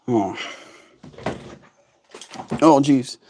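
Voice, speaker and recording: A man's voice: mid-range voice, drawn-out words, a little mellow. Laid-back slangy man vlogging. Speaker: daily streamer. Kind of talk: casual vlog commentary.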